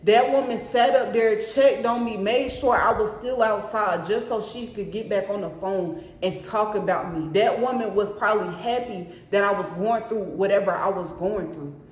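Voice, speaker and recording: A woman's voice: mid-range voice, normal speed, few pauses. Emphatic woman telling a story in an echoey room. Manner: emphatic, keeps addressing viewers directly. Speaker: storyteller vlogger. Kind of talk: casual storytime to camera. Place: her own apartment.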